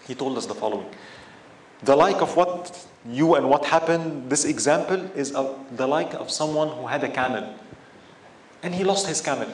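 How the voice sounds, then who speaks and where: A man giving a religious lecture in an animated way, often asking his listeners rhetorical questions. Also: a little high, slight background noise. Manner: animated, asks the audience frequent rhetorical questions. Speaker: Islamic teacher. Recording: echoey room with faint ambience.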